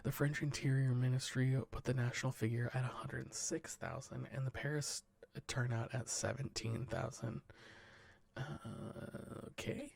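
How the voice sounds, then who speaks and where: A man softly reading the news into a close mic in a whispered, ASMR way, stumbling over words and breaking off for dry, jokey asides. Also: mid-range voice, moderate pace, creaky, no echo.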